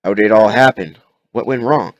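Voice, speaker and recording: A man voicing a panicked, injured man in a zombie outbreak, yelling frantically. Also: on the low side, fairly quick, no room sound, highs cut off, voice pushed up, natural voice. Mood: confused.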